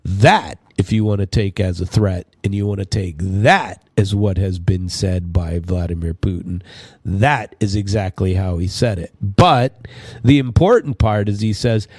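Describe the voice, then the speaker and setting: Blunt low-voiced male political commentator. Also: a little mellow, no echo, studio quality. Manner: blunt, rambling, with emphatic slowed phrases. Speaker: podcast host. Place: home studio.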